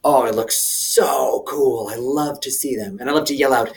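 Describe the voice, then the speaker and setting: A man's voice: medium pitch, normal speed, creaky, hardly any pauses. A man hosting a children's video lesson, speaking playfully and enthusiastically straight to the kids. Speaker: children's teacher.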